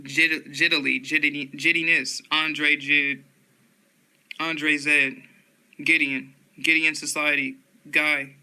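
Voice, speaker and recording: A man slowly reading dictionary headwords aloud in a flat monotone, often restarting words. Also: on the high side, clean tone, rough recording.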